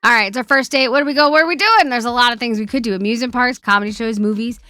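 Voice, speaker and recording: A woman's voice: a little high, rapid-fire, pushed and bright, no echo, clean studio sound, soft background music. A woman hosting a live stream, chatting casually, laughing often and swearing freely. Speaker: streamer host. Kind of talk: casual chat.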